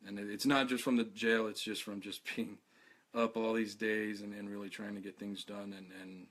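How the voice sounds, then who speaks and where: An exhausted man talking to his followers in a live video, halting and stammering, repeating his words, earnest and heartfelt. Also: lowish voice, little pitch movement, fairly bright tone. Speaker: activist speaking to followers.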